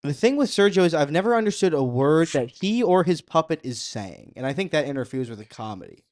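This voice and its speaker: A comedian guest on a podcast, chatting sarcastically and joking about other comics. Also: male voice, a little high, very animated, brisk, a little mellow. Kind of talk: casual podcast banter.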